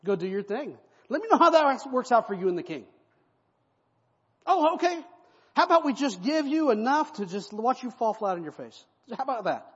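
An exasperated older male army commander, played by a preacher, snaps back in a curt, sarcastic tone. His voice sits high and husky. It is heard through a dull, lo-fi recording with a long hall echo. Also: sing-song, quick pace, heavily acted. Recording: echoey hall, dull lo-fi sound.

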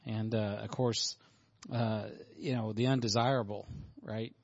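A man's voice: on the low side, steady tone, measured pace, darkish tone, no room sound. A male pastor responding to a sermon in a loose, rambling way, full of fillers and restarts. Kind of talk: casual remarks after a sermon. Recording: dry, dull audio.

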